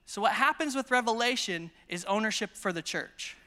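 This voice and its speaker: An American man preaching at a conference, telling testimony stories with self-deprecating humor and quick repetitions. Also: high-pitched. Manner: storytelling, self-deprecating humor, repeats words when excited. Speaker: conference speaker. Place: large conference hall. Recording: long hall reverb.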